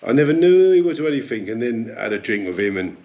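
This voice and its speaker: A middle-aged man, a guest in a casual interview, telling stories in an animated way and laughing often. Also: mid-range voice, fast talker, muffled recording. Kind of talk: casual chat.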